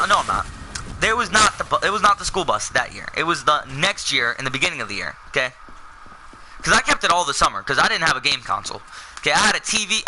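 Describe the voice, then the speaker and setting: A man's voice: on the high side, sharp tone, a little hiss or hum, rough recording. A young man telling a personal story in a casual, rambling way, full of fillers and self-corrections. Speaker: vlogger.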